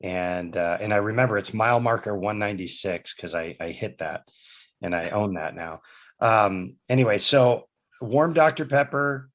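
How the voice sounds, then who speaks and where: This podcast guest is a man whose fairly low, slightly bright voice has lively intonation and a moderate pace. Chatting casually, he rambles through a long anecdote from his own life, stopping to correct himself along the way, all captured in dull lo-fi sound.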